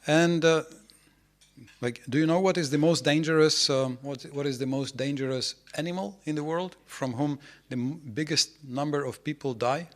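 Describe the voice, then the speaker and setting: A man's voice: a little high, normal speed. A man giving an informal scripture lecture to a small audience in a temple hall, rambling with many fillers and asking rhetorical questions. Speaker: speaker giving a scripture class.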